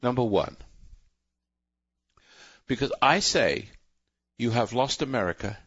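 A man's voice: medium pitch, animated, takes it slowly, a bit bright, breathy edge, no room sound, muffled recording. A man hosting a call-in radio show, lecturing in a rambling, preachy way and often breaking off mid-sentence. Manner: rambling, self-interrupting, preachy. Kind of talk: talk radio monologue.

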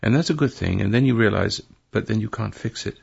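A man's voice: on the low side, a little fast. An older man hosting a call-in radio show, counseling a caller in a rambling, preachy way and correcting himself as he goes. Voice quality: gravelly, husky. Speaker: radio talk show host. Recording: dull lo-fi radio broadcast.

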